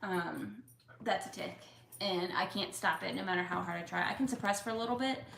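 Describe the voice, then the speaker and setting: A woman's voice: medium pitch, fairly quick, gravelly, a bit bright, slight background noise. A young woman with tics chats casually with her viewers, answering their questions with lots of fillers and open feeling. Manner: chatty, with fillers, openly emotional. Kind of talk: casual Q&A chat. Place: home room with a couch. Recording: echoey room.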